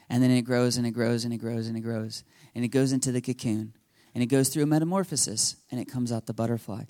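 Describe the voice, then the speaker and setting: A man pastor telling a story in his sermon, animated, laughing, and acting out quotes. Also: medium pitch, dry recording, clean studio sound.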